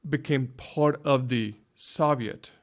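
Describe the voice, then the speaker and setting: A man's voice: medium pitch, slow. A man in his fifties from Hungary with a Hungarian accent, a pastor being interviewed who speaks carefully and often restarts while searching for English words. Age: 50s. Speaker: guest, pastor. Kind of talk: conversational interview.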